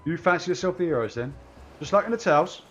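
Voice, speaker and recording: A man's voice: on the high side, lively intonation, quick pace, fairly bright tone, lo-fi sound, faint music behind, pitched above the performer's own voice. A man reading game lines aloud, voicing a stern, weary, grizzled old pirate captain.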